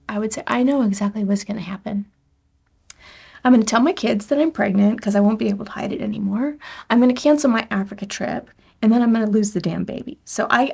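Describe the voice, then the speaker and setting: A woman's voice: medium pitch, vocal fry, a little mellow, husky. A woman in her forties sharing a personal testimony, candid and emotional, often dropping to a near-whisper. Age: 40s.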